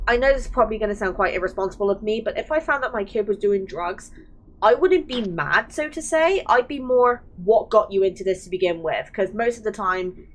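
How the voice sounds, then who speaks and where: A woman's voice: a little high, expressive, moderate pace, low-quality recording. A young woman hosting a casual chat, rambling with many fillers and restarts. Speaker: channel host.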